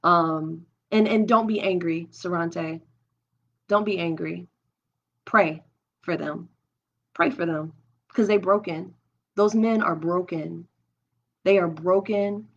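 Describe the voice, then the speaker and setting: A woman's voice: lowish voice, slow pace, gravelly, pauses often. Woman venting candidly on a lo-fi stream. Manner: open, emotional, talks things through aloud with restarts. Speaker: livestream host. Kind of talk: candid personal talk on a live stream. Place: at home. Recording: dull lo-fi stream audio.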